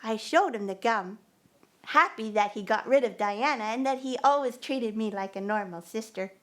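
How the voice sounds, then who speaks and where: A woman's voice: fairly high pitch, normal speed, fairly bright tone. A woman telling a first-person story at a live performance, narrating expressively and acting out the dialogue. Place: performance venue.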